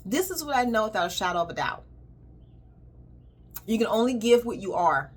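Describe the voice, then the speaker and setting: A woman who works as a colon hydrotherapist hosts a casual monologue, speaking directly and emphatically as she acts out exchanges with clients. Her mid-range voice swings widely in pitch, moves at a normal speed, and carries a breathy edge.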